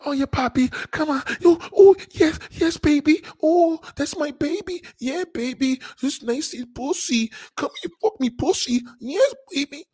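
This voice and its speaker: A man doing an over-the-top impression of an excitable young woman, in a squealing falsetto. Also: unhurried, hardly any pauses. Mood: breathless. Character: breathless excitable young woman, loud and high.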